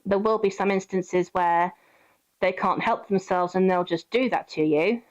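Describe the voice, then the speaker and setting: A woman's voice: lowish voice, a little slow. Chatty woman streamer, lo-fi audio. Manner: chatty, gently reassuring, giving advice to viewers. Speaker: live streamer. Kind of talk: casual live-stream chat.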